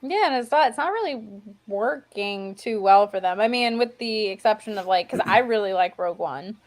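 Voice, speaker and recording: A woman's voice: mid-range voice, lively intonation, moderate pace. A woman guest on a casual film podcast, speaking bluntly and opinionatedly with jokes. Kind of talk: casual film review chat.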